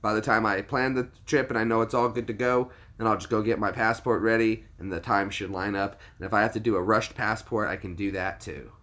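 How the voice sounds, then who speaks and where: A man's voice: fairly low pitch, steady tone, brisk, hardly any pauses, a bit bright. A man from the United States hosting a casual livestream, jokey, laughing easily and chatting with viewers. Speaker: livestream host.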